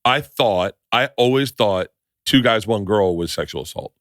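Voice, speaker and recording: Podcast host, man, lowish voice, loose and profane, dry close mic. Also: expressive, moderate pace, a bit bright, no room sound. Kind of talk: casual podcast chat.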